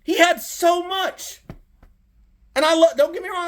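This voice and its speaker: A middle-aged man with a Southern drawl and a very high voice rants about his team. He talks heated and profane, circling back on the same points. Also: measured pace. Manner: heated, profane, repetitive rant. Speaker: sports fan content creator. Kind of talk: fired-up sports rant.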